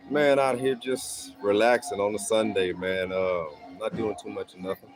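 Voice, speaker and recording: A man's voice: on the low side, steady tone, normal speed, music in the background, low-quality recording. A middle-aged man hosting a casual livestream from home, chatting with viewers in a laid-back, rambling way and often saying "man.". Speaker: livestream host. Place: at home in a hot city neighborhood.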